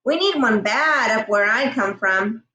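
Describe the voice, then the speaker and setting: A woman's voice: a little high, expressive, a little slow, bright, forceful tone. A woman voicing a shy, eager young country boy in a storybook reading, earnest and polite. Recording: roomy echo, distant mic.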